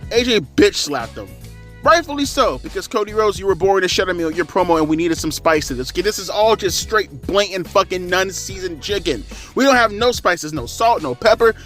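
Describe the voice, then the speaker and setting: A man's voice: high-pitched, animated, a little fast, fairly bright tone, soft background music. A man ranting about wrestling shows in heated, profane, rambling commentary.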